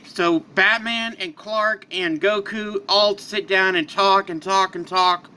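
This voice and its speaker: A man casually improvising a fan story, in a rambling, animated way. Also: sits high, slow, clear, resonant tone.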